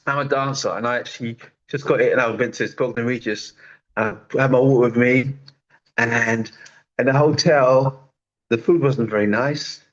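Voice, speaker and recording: Guy rambling excitedly on a zoom call, muffled lo-fi sound, lots of ums. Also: mid-range voice, moderate pace. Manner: chatty, animated, many fillers. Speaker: network marketer giving a testimonial. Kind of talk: online group call testimonial. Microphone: video call. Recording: dull lo-fi video call audio.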